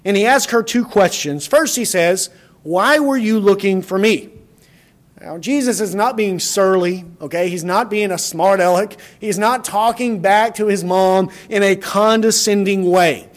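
A man's voice: high voice, normal speed, hardly any pauses. A man preaching a sermon in an earnest, explaining manner, often repeating words as he builds a point.

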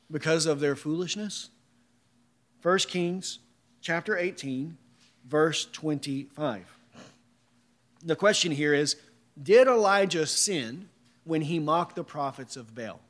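A man preaching a sermon, reading scripture and asking emphatic rhetorical questions. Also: fairly high pitch.

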